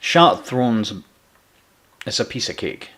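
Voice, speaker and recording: A man's voice: mid-range voice, big pitch swings, takes it slowly, a bit bright. A man chatting casually with viewers by name while live-streaming a game, talking loosely with many restarts into a home desk mic. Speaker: gaming livestreamer. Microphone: external USB mic at home gaming setup.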